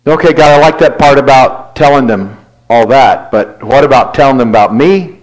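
A man's voice: mid-range voice, expressive, normal speed, low-quality recording. A man preaching a sermon as pastor, telling a personal story in a confessional, self-deprecating way and acting out his conversations with God. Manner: storytelling, acts out dialogue with God.

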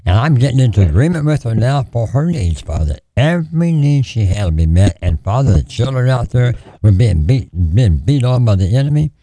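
A man preaching and praying on the radio in a lively, pleading, repetitive cadence. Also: mid-range voice, fairly quick, few pauses, no echo. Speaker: radio preacher taking prayer calls.

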